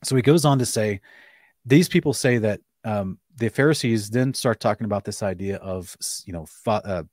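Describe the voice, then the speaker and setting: A man hosting a casual live-streamed discussion, reading scripture aloud in between quick restarts and short chuckles. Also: lowish voice, a little mellow, no echo, clean studio sound. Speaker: host.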